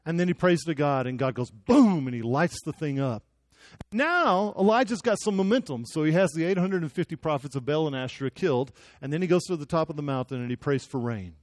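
A man's voice: fairly high pitch, expressive, a little fast, dry recording. A young man preaching a sermon, telling the story with jokes and acted-out quotes. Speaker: pastor.

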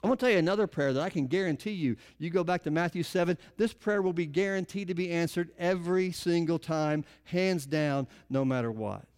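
A man's voice: a little high, a little fast, few pauses, darkish tone, smooth. A middle-aged man preaching a conversational sermon to a church congregation, often putting questions to the listeners. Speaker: pastor.

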